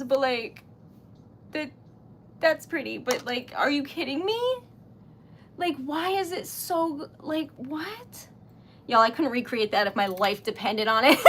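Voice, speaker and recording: A woman's voice: high-pitched, a little hiss or hum. A young woman hosting a crafting livestream, chatting casually, giggling and gushing over her work. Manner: chatty and self-deprecating, giggly, gushes excitedly. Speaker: livestream host making wax seal stickers.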